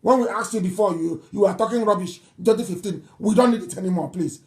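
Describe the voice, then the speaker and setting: A man's voice: sits high, fast talker, a little mellow. A Nigerian man hosting a live broadcast, speaking emphatically and repeating his points insistently. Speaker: broadcast host. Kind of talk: live radio broadcast address.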